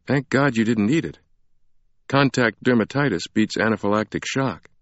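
A man's voice: on the low side, normal speed, dry recording, lo-fi sound, pitched above the performer's own voice, lightly acted. A man voicing a blunt, forthright young woman in an audiobook, asking direct questions. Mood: relieved. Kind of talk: audiobook character reading.

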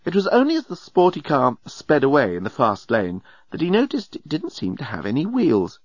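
A man narrating an audiobook in a wry, lively storytelling manner. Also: fairly high pitch, normal speed, no echo, highs cut off.

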